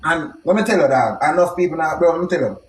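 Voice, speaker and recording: Young jamaican man, high voice, animated patois storytelling, echoey room, faint noise. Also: fast. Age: young adult. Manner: animated, patois-heavy street storytelling with shouted exclamations. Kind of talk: casual storytelling.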